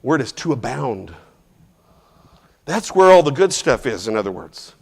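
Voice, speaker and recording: A man's voice: mid-range voice, very animated, measured pace, gravelly, a little mellow, breathy edge. A man teaching a Bible class verse by verse in a loose, conversational way, restarting phrases and putting questions to the class. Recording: long reverb from a large hall.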